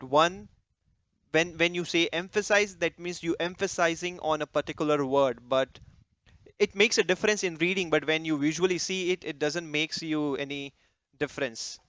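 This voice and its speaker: A man teaching a coding tutorial over a screen recording, talking while he types and trailing off quietly as he edits, with small restarts and slips. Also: fairly high pitch, clean tone, no room sound. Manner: talks while typing, trails off softly during edits. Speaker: coding instructor.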